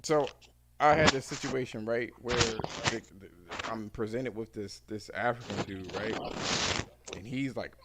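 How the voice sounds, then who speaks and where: A man hosting a podcast, telling a lively and profane story in casual chat. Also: mid-range voice, measured pace, very noisy. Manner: profane, animated, acts out the people in his stories. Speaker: podcast host.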